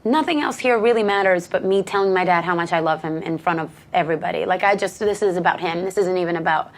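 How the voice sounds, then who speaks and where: A woman's voice: on the low side, fast, rough recording. A young woman in her twenties, a singer chatting as an interview guest, bubbly and giggly with lots of fillers, speaking outdoors. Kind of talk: casual interview chat. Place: outdoors in countryside.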